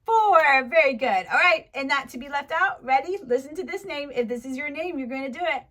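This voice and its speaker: A woman with a high voice runs a pretend lesson for small children, cheerful and encouraging. She heaps on the praise and clearly speaks slowly for little listeners. Between segments she drops into candid, chatty talk with her viewers. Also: pushed and bright. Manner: upbeat, encouraging, exaggerated praise. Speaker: teacher applying as online tutor. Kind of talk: mock lesson for young children.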